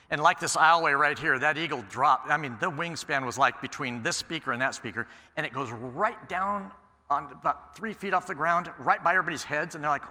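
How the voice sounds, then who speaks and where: A man giving a conference keynote, telling stories in an animated way and acting out the dialogue. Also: fairly high pitch. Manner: animated storyteller, acts out quoted exchanges. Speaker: keynote speaker. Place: large conference hall. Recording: echoey hall sound.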